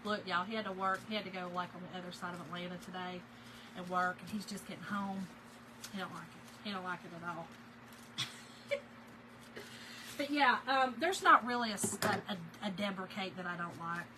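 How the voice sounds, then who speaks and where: A woman's voice: lowish voice, moderate pace, long pauses, noisy background. A middle-aged woman, chatting casually and laughing with live viewers while she crafts. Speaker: craft livestream host.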